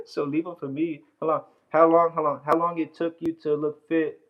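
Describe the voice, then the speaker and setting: A brash man from the United States chats loosely on a phone livestream, reading comments and bragging. His voice sits a bit high for a man. The phone audio is muffled and lo-fi. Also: level tone, normal speed. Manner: boastful, brash, scattered, often says "hold on" and "bro".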